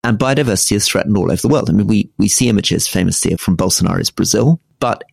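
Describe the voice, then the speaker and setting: A middle-aged man with a low, gravelly voice talks through politics in a measured, explanatory way, restarting his sentences now and then. The sound is dry and close. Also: no room sound. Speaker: podcast co-host. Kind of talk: casual political discussion.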